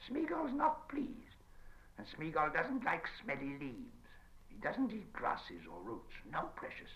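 A man's voice: big pitch swings, slow pace, bright, forceful tone, exaggerated voice. A man voicing a wretched, cringing creature who hisses and whines, calling himself by name, on a dull lo-fi recording. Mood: sulky. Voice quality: hissing, shrill whine. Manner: talks of himself in third person, whining.

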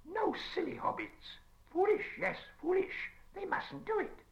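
A man's voice: lively intonation, measured pace, gravelly, fairly bright tone, full character voice. A man voicing a wretched, cringing creature who hisses and whines, calling himself by name, on a dull lo-fi recording. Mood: frightened, angry. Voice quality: hissing, shrill whine. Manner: talks of himself in third person, whining.

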